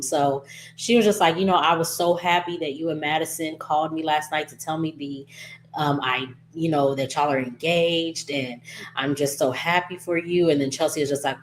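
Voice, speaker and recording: Chatty low-voiced woman recapping a soap. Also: slight background noise. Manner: chatty and gossipy, retelling scenes with quoted lines and laughing. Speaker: soap opera recap host. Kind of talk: casual recap chat.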